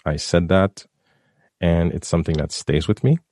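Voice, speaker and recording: A man's voice: deep voice, normal speed, darkish tone, no echo. A man earnestly recounting a personal story in a casual podcast conversation, rambling and restarting his sentences. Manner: emotional, heartfelt storytelling. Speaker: guest telling a personal story.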